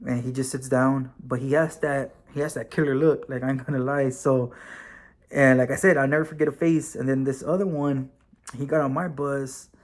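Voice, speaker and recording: A man of ordinary pitch talking straight to his viewers in a loose, conversational way. He keeps the story rolling with "you know" and "like", drops in the occasional curse, and sounds relaxed. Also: moderate pace. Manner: relaxed and conversational, with frequent fillers and occasional swearing. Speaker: vlogger and former correctional officer, now bus driver. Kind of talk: casual storytelling to camera.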